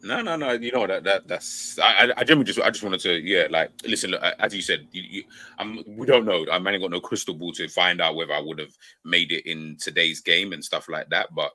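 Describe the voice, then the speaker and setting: Young host, very deep voice with a sharp bright edge, hesitant, restarts a lot. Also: male voice, fairly quick. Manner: hesitant, restarts often, thinks aloud. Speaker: podcast host. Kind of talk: casual chat.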